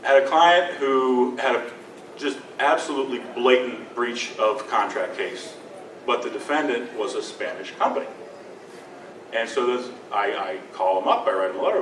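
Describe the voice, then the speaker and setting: A lawyer tells stories to a convention audience in a panel room, drawing laughs and mimicking quotes. His medium-pitched voice is very animated at a moderate pace. The recording is echoey, distant, and noisy.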